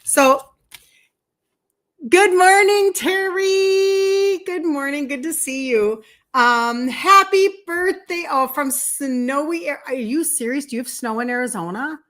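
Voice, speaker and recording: Woman in her fifties, Minnesota accent, chatty livestream host, fairly high voice, repeats herself. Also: moderate pace, a bit bright. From Minnesota, USA. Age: 50s. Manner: chatty, repeats words, greets viewers by name. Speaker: health coach and livestream host. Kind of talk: casual livestream chat. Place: indoor room with balloons behind her.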